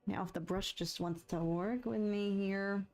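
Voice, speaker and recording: A young adult woman chatting casually on a live stream as she paints, expressive and talkative, swinging between frustration and giddy relief. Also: medium pitch, a little slow, faint music behind.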